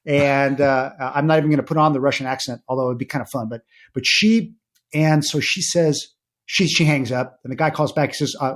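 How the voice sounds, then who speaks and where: A middle-aged man, a podcast guest, telling family anecdotes in a casual interview, animated and full of fillers. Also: fairly quick. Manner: animated anecdotes with many fillers, rising pitch when excited.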